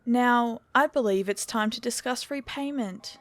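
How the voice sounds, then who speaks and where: A woman's voice: a little high, measured pace, dry recording, natural voice. A woman voicing a bored, menacing man who cannot be killed, speaking with cool scorn. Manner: scornful, coolly threatening.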